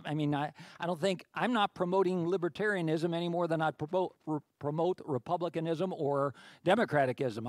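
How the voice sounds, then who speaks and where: Conversational pastor with a dry sound. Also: male voice, sits high, no room sound. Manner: conversational, full of restarts, rising to emphatic peaks. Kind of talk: sermon.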